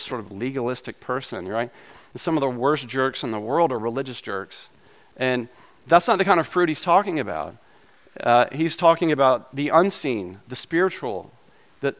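A man preaching a sermon in a relaxed, conversational way, mixing scripture with offhand personal asides. His voice sits at an ordinary middle pitch and carries a slight hoarseness left over from being ill. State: slightly hoarse from recent illness. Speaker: pastor.

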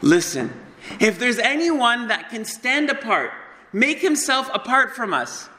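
A man with a high voice delivers an impassioned sermon. He swings between quick conversational bursts and slow, weighty emphasis. The sound rings with a long hall reverb. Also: big pitch swings, sharp tone. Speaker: preacher.

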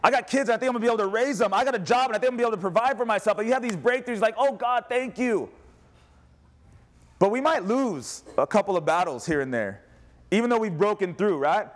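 A man in his thirties delivers a sermon from the pulpit. His voice sits high, and he moves easily between sports talk and personal stories. He acts out dialogue and laughs along the way. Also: lively intonation, rapid-fire. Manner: storytelling with laughs and quoted dialogue. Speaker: pastor.

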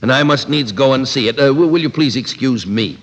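A man's voice: medium pitch, fairly quick, a bit bright. Man doing stammering excuse-maker, hesitant, fumbling, hall echo. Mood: flustered.

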